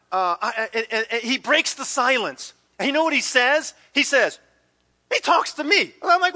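Male preacher, very high ringing voice, animated storyteller, long hall echo. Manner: animated storyteller acting out quoted voices, dropping to hushed intensity. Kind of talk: sermon with personal story.

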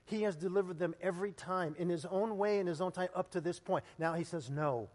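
Preaching man, high voice in a hall. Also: fairly quick. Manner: storytelling preacher, rising to loud emphatic peaks. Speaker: pastor. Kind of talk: sermon. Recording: long hall reverb.

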